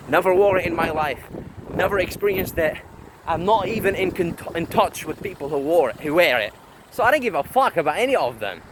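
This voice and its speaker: A man's voice: a little high, noisy background. A man vlogging while walking along a street outdoors, ranting in a brash, profane, boastful way. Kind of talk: walking vlog rant.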